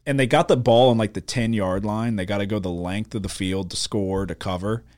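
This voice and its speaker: A man co-hosting a podcast in casual sports chat, swearing often and acting out his own reactions with sudden high yelps. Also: a little fast, a little mellow. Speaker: podcast co-host.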